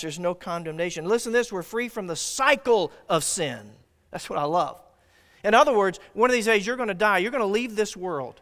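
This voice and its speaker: A man preaching a sermon as pastor, swinging from loud declarations to hushed asides. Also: high voice, expressive, brisk, big-room sound, a faint crowd, a little hiss or hum.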